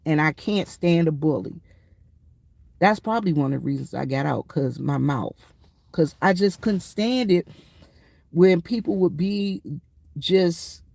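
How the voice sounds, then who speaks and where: A woman's voice: lowish voice, a little mellow, no room sound. A woman veteran speaking to her viewers in a casual, emphatic storytelling monologue, often calling them y'all. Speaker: military veteran vlogger.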